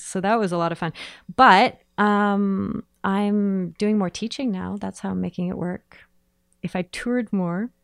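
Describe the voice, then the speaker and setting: A woman's voice: fairly low pitch, vocal fry, no room sound. A woman musician, a guest on a radio show, chatting candidly about her work in a hotel room set up as a mobile studio, with frequent filler words. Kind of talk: casual interview chat.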